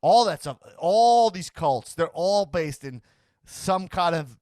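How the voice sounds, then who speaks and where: A man's voice: high voice, lively intonation, slow pace, a little mellow, no room sound, clean studio sound. A man hosting a casual talk show, rambling with lots of restarts and stammered repeats, and acting out other people's voices in the middle of his sentences. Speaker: podcast host. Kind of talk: casual chat.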